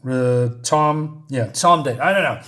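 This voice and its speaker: A man's voice: medium pitch, a little slow, fairly bright tone. Hesitant man reviewing a comic. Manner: hesitant, stumbling over words, chuckling often. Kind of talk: casual spoken review.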